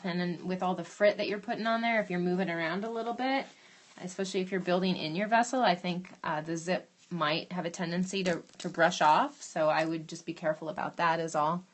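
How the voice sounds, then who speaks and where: A woman's voice: on the low side, a little fast, a little hiss or hum. A woman demonstrating a glass craft in her studio on a live stream, chatting casually, thinking aloud and answering viewer questions as she works.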